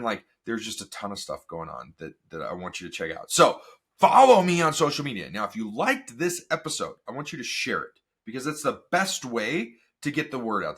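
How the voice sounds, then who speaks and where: A man hosting a casual solo podcast, energetic and full of rhetorical questions. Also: mid-range voice. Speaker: podcast host.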